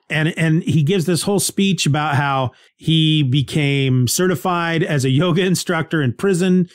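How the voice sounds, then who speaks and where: A man's voice: fairly high pitch, moderate pace, few pauses, dry recording, studio quality. A man hosting a podcast, casually recapping a TV episode in a rambling way, restarting sentences and laughing lightly.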